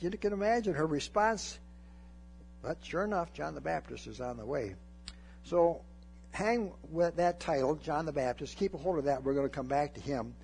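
An older man preaching a folksy, animated sermon, joking and acting out Bible scenes. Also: on the high side, normal speed, creaky, slightly rough.

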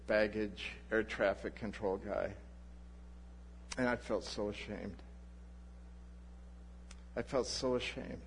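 A male pastor preaching a sermon, telling a personal story in an animated way and acting out the people in it. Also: on the low side, a little hiss or hum. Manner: animated anecdote, voices the people in his story.

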